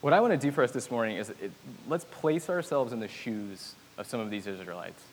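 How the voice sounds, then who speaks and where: A man preaching a sermon in a relaxed, chatty way, with self-deprecating asides and humor. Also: mid-range voice, fairly quick. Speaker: pastor. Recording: hall reverb with faint hiss.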